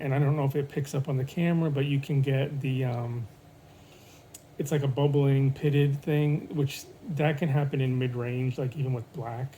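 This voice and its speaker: Mellow-voiced man talking glaze tests. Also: medium pitch, slight background noise, low-quality recording. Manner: relaxed, thinks aloud with fillers and restarts. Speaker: potter. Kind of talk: casual show-and-tell of glaze tests.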